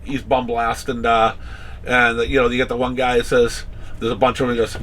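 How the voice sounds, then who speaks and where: A man's voice: mid-range voice, level tone, a little fast, fairly bright tone, a little hiss or hum. A man hosting a casual podcast chat, rambling through stories with many restarts and acting out quotes. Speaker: comic shop owner and podcast host.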